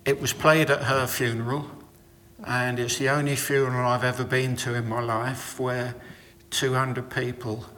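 A middle-aged man giving a reflective, sermon-style talk, telling personal stories about faith in a measured way. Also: mid-range voice, level tone, sharp tone, in a large hall.

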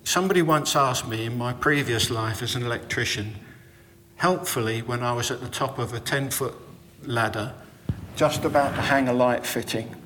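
A middle-aged man giving a reflective, sermon-style talk, telling personal stories about faith in a measured way. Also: mid-range voice, fairly bright tone, long reverb tail, a little hiss or hum.

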